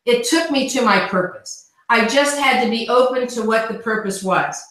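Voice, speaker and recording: A woman's voice: a little high, normal speed, fairly bright tone, very echoey, poor audio. A woman giving an earnest motivational talk over a video call, often repeating words as she starts a line. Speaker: guest speaker on team call.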